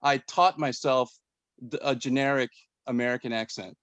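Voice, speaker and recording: A man's voice: mid-range voice, steady tone, normal speed, a bit bright, no room sound. Rambling forties man from Minnesota. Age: 40s. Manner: rambling, many restarts. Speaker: podcast host. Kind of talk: casual chat.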